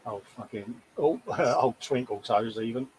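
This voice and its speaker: A man's voice: medium pitch, unhurried, darkish tone, slight background noise, poor audio. Chatty jokey man. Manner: chatty, jokey, self-mocking, breaks into quoted voices. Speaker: co-host of a model-building livestream. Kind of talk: casual chat.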